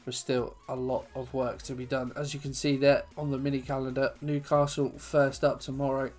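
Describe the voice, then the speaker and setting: A man's voice: medium pitch, little pitch movement, moderate pace, a little mellow, faint music behind. A young man commentating his own football video game match as a channel host, then recapping the standings and signing off while out of breath.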